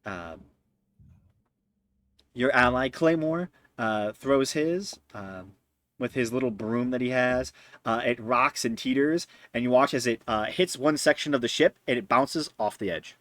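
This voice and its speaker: A man narrating as game master, pausing often with fillers. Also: mid-range voice, a bit bright, no room sound. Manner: hesitant, many fillers.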